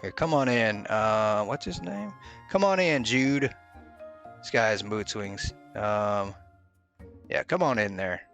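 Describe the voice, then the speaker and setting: A man casually commentating as he plays a game, joking bluntly and filling pauses with "uh". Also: on the low side, animated, gravelly, a bit bright, faint music behind. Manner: joking, mock-blunt, with many "uh"s. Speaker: gaming video host. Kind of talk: casual let's-play commentary.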